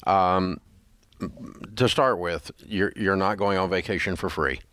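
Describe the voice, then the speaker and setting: A male radio host with a low, fairly bright voice gives blunt money advice to callers at a measured pace. His manner is emphatic, scolding, and repetitive. The recording is dry, with clean studio sound.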